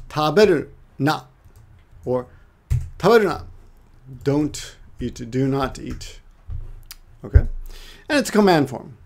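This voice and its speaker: A man teaching Japanese to English speakers in a casual online lesson, explaining step by step and repeating words slowly. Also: a little high, a little mellow.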